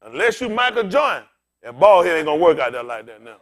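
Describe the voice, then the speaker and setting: Here a bald, older man preaches as pastor at a quick pace, his voice sitting high. He's animated, joking with the congregation and talking to them directly in a light, conversational sermon.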